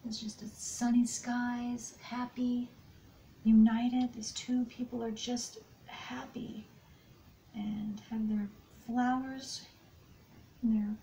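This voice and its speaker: A woman reads tarot cards in a soft voice that keeps sinking to a whisper. Her delivery is slow and even, with a flat melody and a mellow, dark tone. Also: a little high, a little hiss or hum, rough recording. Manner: soft-spoken, slips into whispers often. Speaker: tarot and astrology reader. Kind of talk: intuitive tarot card reading.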